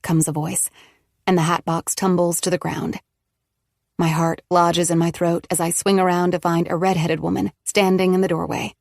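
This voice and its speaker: A woman narrating a first-person audiobook in a steady, measured way. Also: lowish voice, vocal fry, no echo, clean studio sound.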